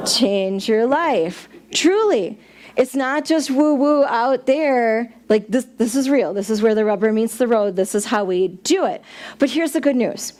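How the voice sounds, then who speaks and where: A middle-aged woman minister preaching in a chatty, playful way, with a voice pitched a little high. She talks directly to her congregation and keeps a light, joking tone. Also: a little mellow. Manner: chatty, playful, laughs at own jokes. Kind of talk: sermon. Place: church sanctuary.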